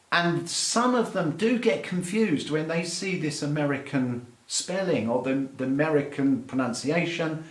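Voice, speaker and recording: Speaking in an echoey room, this aviation English teacher, a middle-aged man from England with an English accent, has a voice on the high side. He's giving a light-hearted, mock-exasperated rant straight to camera.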